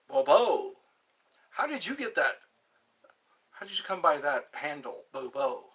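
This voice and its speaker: A man's voice: on the high side, pushed and bright. A middle-aged man hosting a livestream, rambling casually to young viewers from a phone on a tripod. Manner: rambling, chats to young viewers, drifts into song snippets. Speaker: livestream host.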